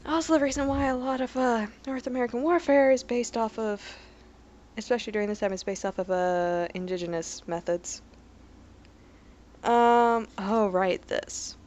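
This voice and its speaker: A woman's voice: mid-range voice, dull audio, a little hiss or hum. A woman doing casual let's play commentary, reading game entries aloud in a chatty, self-correcting way with giggly asides.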